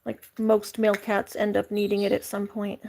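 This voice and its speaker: A woman's voice: mid-range voice, monotone, normal speed, creaky, a little mellow, slight background noise. A woman vlogger chatting casually, giggling and cooing at her animals while caring for them. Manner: giggly, coos at pets, chatty. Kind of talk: casual chat to camera and animals.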